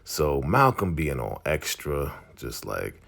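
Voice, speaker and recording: A man retelling a TV episode in a casual vlog, with animated, slangy storytelling. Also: very deep voice, slow, vocal fry. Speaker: show recap host. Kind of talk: casual show recap vlog.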